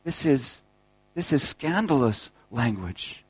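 Earnest preacher, dry close sound. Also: male voice, mid-range voice, sing-song, takes it slowly, husky, no echo, low-quality recording. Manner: earnest, rhetorical questions, repeats words. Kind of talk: sermon.

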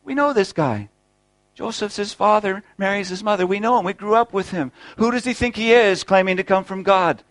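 A man voicing a skeptical hometown crowd in a mocking, incredulous tone, raising his pitch. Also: a little fast, fairly bright tone, dry recording. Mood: scoffing.

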